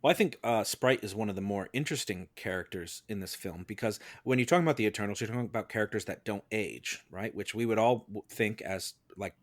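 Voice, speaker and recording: A man with a fairly low voice lays out his argument in a calm, structured way, as if defending a case. The sound is dry and close, with no room around it. He explains patiently and keeps his points in order. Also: quick pace, hardly any pauses, no room sound. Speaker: defense advocate on a mock-trial film podcast. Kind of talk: casual podcast debate.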